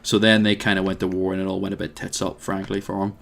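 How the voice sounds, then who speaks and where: Low-voiced Northern Irish gamer rambling. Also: male voice, monotone, fast talker, creaky, fairly bright tone. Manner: rambling, musing aloud to himself. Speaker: video game player. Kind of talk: let's play commentary.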